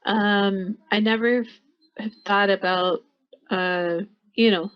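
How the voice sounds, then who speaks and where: A woman's voice: medium pitch, fairly even intonation, slow, clear, resonant tone, lo-fi sound. An American woman teaching pronunciation in a college classroom, explaining patiently and repeating words for her students. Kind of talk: classroom instruction.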